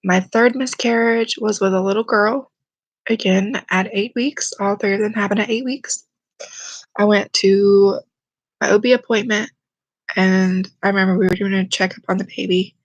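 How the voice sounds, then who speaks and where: A young woman telling a personal story to camera, speaking quietly and haltingly, close to tears. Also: mid-range voice, fairly even intonation, no room sound, rough recording. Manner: quiet, halting, emotional, holding back tears. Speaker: vlogger.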